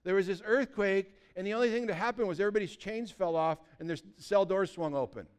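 Male pastor, smooth tone, slightly high, animated storyteller. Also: quick pace. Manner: animated storytelling, acting out voices, swinging from loud to quiet. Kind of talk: sermon.

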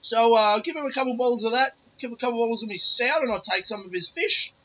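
A man playing his boastful old grandfather, rambling loudly through a joke about his homebrew stout. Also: extremely high pitch, fast talker, breathy edge, pitched above the performer's own voice, full character voice. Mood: boasting. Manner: loud, rambling joke-telling. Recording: dull lo-fi recording.

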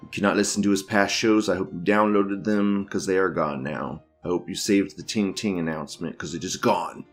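A man's voice: deep voice, fairly even intonation, normal speed, hardly any pauses, faint music behind. A man hosting a podcast, giving crude, profane, offhand commentary and often laughing as he reacts to videos. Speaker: podcast host.

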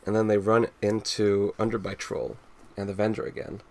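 Low gravelly man recapping a comic. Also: level tone, normal speed, darkish tone. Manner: hesitant, lots of fillers, dry humor. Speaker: podcast co-host. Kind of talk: casual chat recapping a comic.

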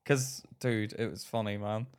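A man's voice: lowish voice, measured pace. A man co-hosting a casual podcast, telling stories with lots of laughter and acted-out quotes. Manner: animated, acts out quotes, laughs a lot. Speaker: podcast co-host. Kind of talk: casual chat, storytelling.

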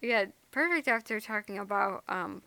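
A young woman from the Boston area co-hosts a relaxed podcast. Her voice is bright and forward, her talk chatty and giggly, full of "like." The sound is dry and close. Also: mid-range voice, normal speed, creaky, no room sound. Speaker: podcast co-host. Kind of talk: casual chat.

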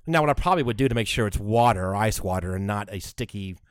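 A man's voice: fairly low pitch, lively intonation, fast, clean tone, dry recording, studio quality. Rambling man in casual chat. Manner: rambling, many restarts and hedges.

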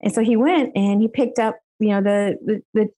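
A woman's voice: medium pitch, normal speed, mellow. Middle-aged American woman, interview guest, emotional testimony, earnest delivery. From United States. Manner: earnest, emotional storytelling with laughs. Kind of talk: personal faith testimony.

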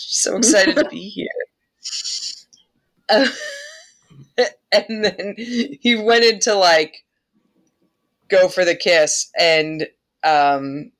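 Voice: mid-range voice, fairly bright tone. A podcast host casually retelling a myth in an irreverent way, laughing often and swearing now and then.

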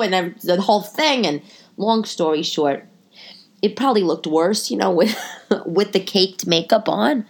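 A middle-aged woman hosting a podcast, telling a long story in a chatty, animated way with lots of restarts. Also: mid-range voice, moderate pace. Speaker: podcast host. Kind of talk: casual storytelling monologue.

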